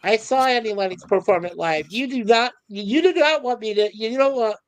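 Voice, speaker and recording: A man's voice: high voice, normal speed, no room sound. A man hosting a live stream, chatting casually and reading viewer comments aloud in a rambling, easygoing way, laughing easily.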